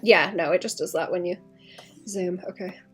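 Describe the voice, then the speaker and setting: A woman's voice: fairly low pitch, fairly even intonation, moderate pace, soft background music. A woman artist on a casual livestream, rambling as she thinks aloud about her drawing and adding playful sound effects.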